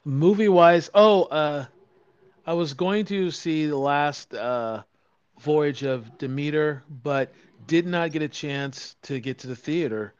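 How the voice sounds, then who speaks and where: A man co-hosts a podcast at a very slow, halting pace, pausing often and filling gaps as he talks in casual chat. His voice is smooth, and the recording is dry and slightly dull. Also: fairly high pitch, darkish tone, dry recording. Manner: halting, hesitant, with many fillers and pauses. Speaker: podcast co-host. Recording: dull, dry home-mic sound.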